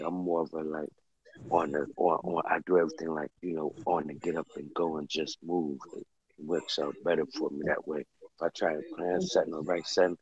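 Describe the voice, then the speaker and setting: A very deep-voiced man chatting as a livestream guest. He talks loosely and off the cuff, and sometimes gets excitable. The sound is dull and lo-fi. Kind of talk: casual chat.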